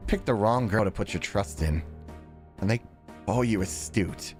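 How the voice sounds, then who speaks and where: A man's voice: fairly low pitch, a little slow, soft background music, voice pushed down, close to an everyday voice. A man playing a sneering villainous young woman. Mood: gloating. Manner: cold, sneering, contemptuous. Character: scheming young woman, sweet facade turned villain. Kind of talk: visual novel dialogue read aloud.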